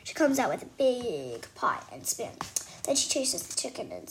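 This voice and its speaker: A woman reading a children's chapter book aloud with expressive, animated storytelling. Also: on the high side, normal speed, a little hiss or hum. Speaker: reader.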